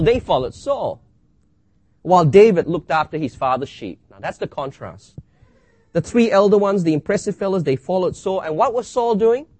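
A man preaching a sermon, reading scripture aloud and asking rhetorical questions with dramatic pauses. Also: high-pitched, darkish tone, no room sound.

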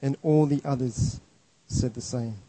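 A man preaching a sermon slowly and earnestly, often stumbling over and restarting his words. His voice sits somewhat high but sounds dark and husky. The sound is dry and close. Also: steady tone, rough recording. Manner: earnest, emphatic, with repeated restarts.

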